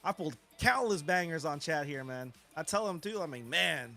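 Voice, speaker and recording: Male streamer, casual live chat, ranting, swearing, fairly high voice, faint background music. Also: brisk. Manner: animated ranting, swears, chuckles often. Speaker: card-break streamer.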